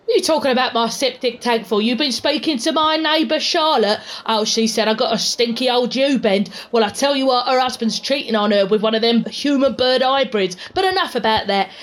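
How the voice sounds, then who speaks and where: A rambling Cockney street eccentric, acted by a woman, who chatters in a high, sing-song voice and breaks into cackles. She sounds like part of a comic audio sketch. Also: brisk, hardly any pauses, close to an everyday voice. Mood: agitated. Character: loud eccentric middle-aged London street woman.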